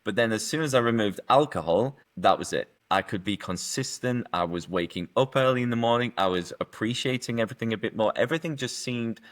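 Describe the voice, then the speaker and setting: A middle-aged man telling his personal story as a podcast guest, earnest and emotional, with halting restarts. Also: mid-range voice.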